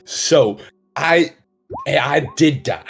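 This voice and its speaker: A man's voice: fairly high pitch, expressive, very slow, husky, faint music behind, pitched above the performer's own voice, exaggerated voice. A man voicing a male adventurer giving an earnest, impassioned speech to a crowd in a tabletop game. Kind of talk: tabletop roleplay in character.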